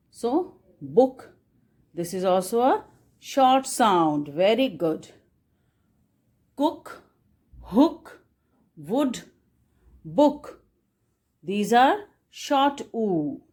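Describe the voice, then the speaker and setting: A young woman teacher with an Indian English accent, teaching a phonics lesson to small children and spelling out words slowly in a sing-song way. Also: medium pitch, darkish tone, breathy edge. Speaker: kindergarten teacher.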